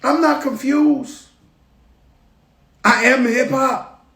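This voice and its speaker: A man from the Bronx with a New York accent, talking in an emphatic, animated way as he tells stories on a casual live stream. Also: very high-pitched, very slow, reverberant. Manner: emphatic, animated storytelling with call-outs to viewers. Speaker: rapper speaking on a live stream. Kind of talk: casual motivational monologue.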